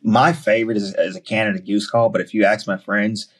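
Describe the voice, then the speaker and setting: A husky, low-pitched man with a Southern US accent tells stories in a relaxed podcast chat. He is lively and acts out quotes in quick bursts. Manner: animated, quotes himself and others in quick bursts. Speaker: podcast guest. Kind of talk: casual storytelling chat.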